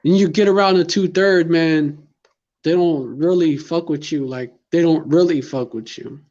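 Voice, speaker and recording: A man's voice: a little high, moderate pace, darkish tone, dull audio. A man in a casual chat who talks earnestly about religious teachings and reads scripture aloud. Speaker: conversation partner.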